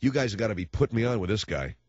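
A man's voice: fairly low pitch, expressive, rapid-fire, husky, no room sound, muffled recording. A man hosting a talk radio show, ranting about politics in a sarcastic, mocking way.

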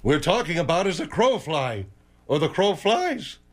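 A man puts on a wisecracking old general on a radio panel. His voice is phlegmy, cracks, and sits somewhat high. He needles the host with dry teasing. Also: expressive, moderate pace, natural voice. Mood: needling.

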